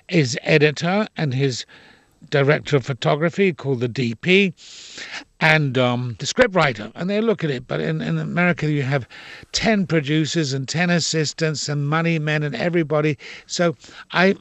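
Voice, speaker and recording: An older man, an actor, telling indignant, expressive anecdotes in an interview. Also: fairly high pitch, no room sound. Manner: expressive, indignant storyteller with quoted voices.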